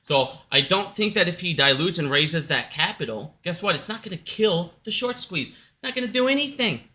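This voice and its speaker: A man's voice: high voice, big pitch swings, moderate pace, pushed and bright. Sweaty, heated man ranting about stocks. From Minnesota. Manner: heated, profane, repeats "like I said". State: hot and out of breath. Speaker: stock market commentator. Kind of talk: casual ranting commentary. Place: his house.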